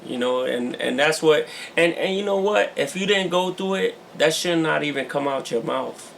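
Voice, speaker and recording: Gravelly, earnest man, casual talk. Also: a little high, normal speed, a bit bright, a little hiss or hum. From New York. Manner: earnest, peppers talk with "man" and "you know". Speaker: podcast co-host. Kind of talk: casual chat.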